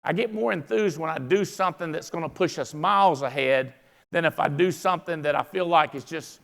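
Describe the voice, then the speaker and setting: A man giving a folksy, excitable motivational speech to his team at a convention. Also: a little high, brisk, gravelly. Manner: folksy, excitable, rambling storyteller. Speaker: company founder speaking at a convention. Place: large convention hall. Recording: live hall reverb.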